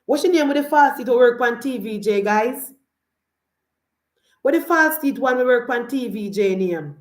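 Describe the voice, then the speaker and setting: A Jamaican woman in her forties delivers a heated political rant in a high, insistent voice. She hammers her points home with repetition and pointed rhetorical questions. The sound is roomy and echoey. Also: expressive, normal speed. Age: 40s. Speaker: political commentator. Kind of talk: opinionated political monologue.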